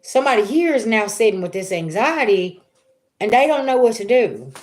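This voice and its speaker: A woman's voice: a little high, sing-song, normal speed, a little mellow. A woman in her thirties, reading tarot on a livestream and telling casual stories with a lot of cussing and laughter, speaking straight to her chat.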